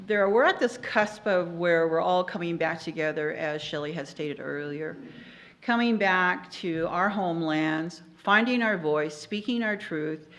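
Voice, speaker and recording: An older woman speaking on a panel, soft-spoken and earnest. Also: on the low side. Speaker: panelist, former tribal chairwoman. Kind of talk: panel discussion talk.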